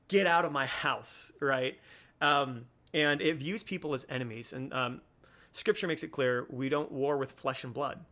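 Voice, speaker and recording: A man's voice: fairly high pitch, sharp tone. A young man hosting a podcast, talking earnestly and a bit preachily, often restarting his sentences. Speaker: podcast host. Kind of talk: casual commentary.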